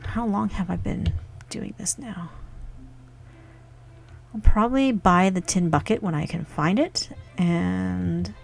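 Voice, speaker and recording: A young woman talks through a farming game in a low, relaxed register, thinking aloud as she plays. Her voice has a gravelly, fried edge, with soft game music faintly behind. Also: takes it slowly, long pauses. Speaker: gaming youtuber. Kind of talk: casual gameplay commentary.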